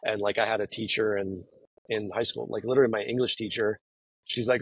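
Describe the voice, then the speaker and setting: A man's voice: fairly low pitch, steady tone, fast, breathy edge, low-quality recording. A man talking casually as an interview guest, rambling with many fillers and restarts. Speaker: guest, professional poker player. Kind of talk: casual conversation.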